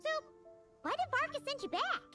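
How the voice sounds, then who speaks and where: A very high, chirpy little fairy girl, bubbly and full of questions, her pitch bouncing all over. She speaks over loud game music. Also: big pitch swings. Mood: curious. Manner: bubbly, curious, quick to question. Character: tiny chirpy floating fairy-like girl companion.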